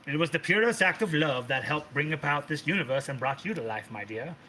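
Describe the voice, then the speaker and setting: A man voicing a mild, fond father god speaking gently to his daughter. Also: a little high, lively intonation, a little fast, slight background noise, poor audio.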